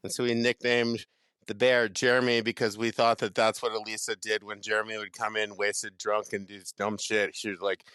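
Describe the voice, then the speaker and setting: A man's voice: fairly low pitch, little pitch movement, normal speed, bright, forceful tone, clean tone, no echo. A man, a chef guest on a podcast, telling a kitchen story in a casual chat, laughing, swearing and repeating words.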